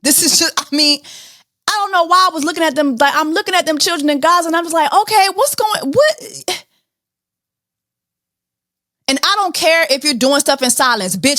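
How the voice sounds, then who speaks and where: Woman podcast host, kinda high voice, ranting and cussing, dry close sound. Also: no echo. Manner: animated, blunt, profane ranting. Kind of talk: casual celebrity news chat.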